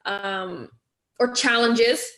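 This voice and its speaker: A woman's voice: fairly high pitch, extremely slow, a bit bright, echoey room. A woman leading a weight-loss coaching session, encouraging and asking the group direct questions. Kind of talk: motivational group talk.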